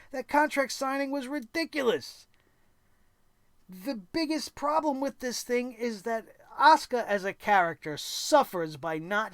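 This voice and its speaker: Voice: mid-range voice, dry recording. Sarcastic ranting wrestling show host. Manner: sarcastic, exasperated, profane. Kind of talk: ranting wrestling recap commentary.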